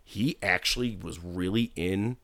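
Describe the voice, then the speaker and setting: Deep and unhurried, this man's voice carries his storytelling as co-host of a casual wrestling podcast. He's animated, swears freely, and acts out what people said.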